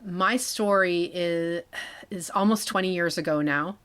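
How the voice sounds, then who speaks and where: A woman in her forties telling her own story in a halting way, with restarts and small laughs. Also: fairly low pitch, fairly bright tone. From Canada. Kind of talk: personal storytelling.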